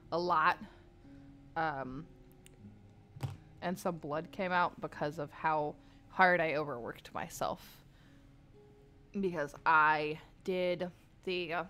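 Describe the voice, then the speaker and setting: A young adult woman streamer chatting casually, telling rambling, animated stories full of filler words. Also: deep voice. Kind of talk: casual storytelling chat.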